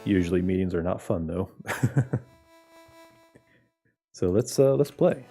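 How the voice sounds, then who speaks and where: A man's voice: low-pitched, animated, slow pace, warm tone, faint music behind. A man giving casual commentary while playing games, laid-back and chatting with viewers, often laughing. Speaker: game streamer. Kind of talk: casual game playthrough commentary.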